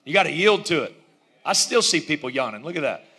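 A middle-aged pastor preaches with a high, bright and forceful voice. He jokes and laughs with his congregation as he goes, animated and playful. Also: brisk, a little hiss or hum. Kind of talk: sermon.

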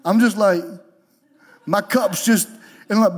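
A man who is a lead pastor, preaching a sermon in an emotional, animated way, moving from soft and low to high and loud. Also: takes it slowly, pauses often, husky.

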